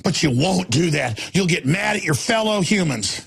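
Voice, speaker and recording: A man hosting a talk radio show, delivering an impassioned rant that swings from low muttering to shouting. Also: lively intonation, normal speed, creaky, husky.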